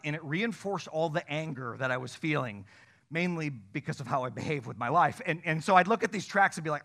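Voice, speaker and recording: Male pastor, fairly high voice, preaching with big loud swings and fast asides to the congregation. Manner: animated preaching with sudden loud peaks and quick asides. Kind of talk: sermon.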